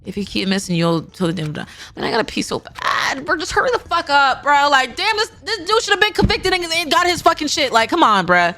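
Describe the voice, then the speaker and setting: A young woman streaming a game, her voice high and bright. She swears freely and snaps into loud, exasperated outbursts. Faint game music plays behind her. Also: sing-song, fairly quick, few pauses. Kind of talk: gaming live-stream commentary.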